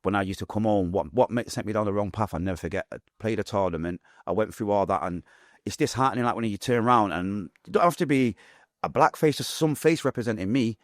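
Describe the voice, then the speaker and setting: A man's voice: on the low side, no echo, clean studio sound. A man in his forties with a Manchester accent, a podcast guest candidly telling his life story, acting out quoted voices. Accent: Mancunian English. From Manchester, England. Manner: fast, animated retelling with acted-out quotes.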